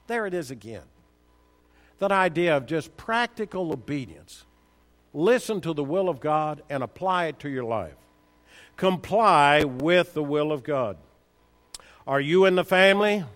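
A man's voice: fairly high pitch, expressive, normal speed, fairly bright tone. A man preaching a sermon, firing rhetorical questions at the congregation and building to emphatic peaks.

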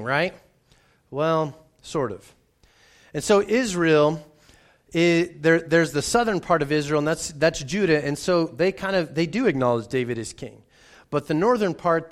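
Pastor guy preaching casually, voice a bit on the high side, keeps doubling up words. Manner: conversational, often repeats words as he restarts. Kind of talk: sermon with a personal story.

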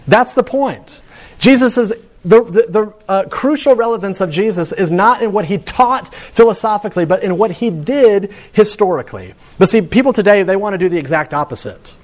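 A high-voiced man with lively intonation preaches at normal speed. He tells stories conversationally, often starting sentences over and raising his emphasis as he builds to a point.

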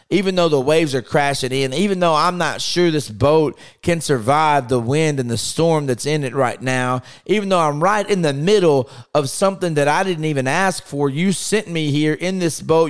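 A man's voice: fairly high pitch, moderate pace, smooth. A man preaching a podcast sermon with impassioned rhetorical questions, acting out scripture quotes in his own voice.

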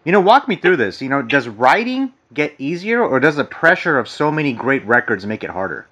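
A male podcast host with a bright, forceful voice asks long, enthusiastic questions, piling on praise before he reaches the point. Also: mid-range voice, sing-song, brisk. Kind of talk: interview questions.

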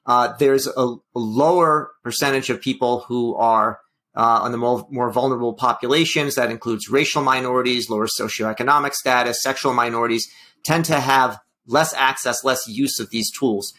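With a medium pitch, normal speed, and sharp tone, this man co-hosts a health policy podcast. He discusses policy casually, in a wry, hedging manner full of fillers.

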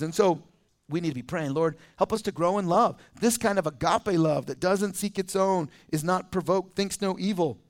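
High-voiced man preaching a casual sermon. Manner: conversational, chuckles often, acts out little scenes. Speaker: pastor. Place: church.

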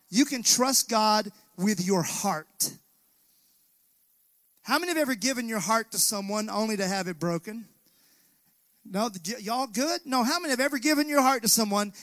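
A man's voice: extremely high pitch, fairly bright tone, no room sound. A man preaching a sermon as pastor in a church, calling out to the congregation and asking them to answer back. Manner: preaching with call-and-response to the congregation. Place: church sanctuary.

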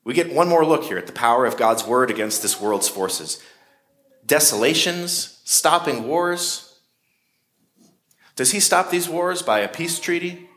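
A man's voice: a little high, expressive, measured pace, fairly bright tone. A man preaching a sermon in a conversational way, with shifting emphasis. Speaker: pastor.

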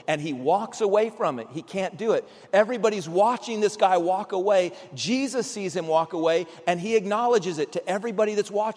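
Male pastor with a fairly high voice, preaching with big swings in volume, in a reverberant hall. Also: normal speed, hardly any pauses. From Kansas. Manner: animated preacher, acts out dialogue, swings from loud to hushed. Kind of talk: sermon.

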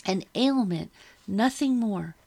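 A woman's voice: medium pitch, lively intonation, slow pace, gravelly, mellow, pitched above the performer's own voice, full character voice. A woman voicing a desperate young girl who pleads to protect her little sister. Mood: pleading. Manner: pleading, urgent.

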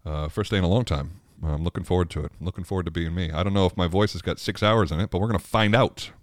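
A man's voice: deep voice, fast, dry recording, clean studio sound. A man hosting a podcast in a casual solo monologue, rambling with many restarts and frequent laughter. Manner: rambling, self-interrupting, laughs often. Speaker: podcast host.

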